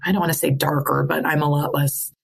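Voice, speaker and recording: Podcast guest, middle-aged woman, lowish pitch, frank and animated storyteller. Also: fast talker, creaky, breathy edge. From American Midwest. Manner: candid, animated, laughs through sadness. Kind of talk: emotional personal storytelling.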